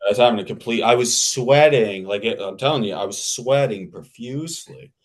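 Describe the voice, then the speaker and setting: Male actor guest, mid-pitched, spins an anecdote with lively repetition and laughter. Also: fairly quick. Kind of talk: casual anecdote storytelling.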